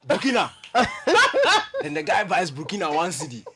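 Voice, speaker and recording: Ghanaian radio host, big swings in pitch, storytelling and laughing, faint noise behind. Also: male voice, a little slow. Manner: animated storyteller, acts out voices, laughs. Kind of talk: lively studio banter. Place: radio studio.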